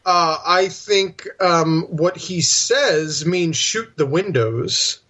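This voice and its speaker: A man's voice: a little high, drawn-out words, bright, forceful tone. A man chatting casually about movies, rambling a bit and restarting his sentences.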